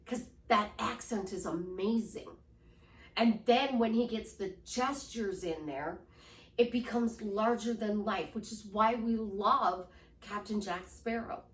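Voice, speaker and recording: Speaking at a slow pace in a mid-range voice, this woman is a life coach giving an enthusiastic motivational lesson, deliberately moving her pitch up and down to demonstrate tone. The mic is far from her, and the room echoes noticeably.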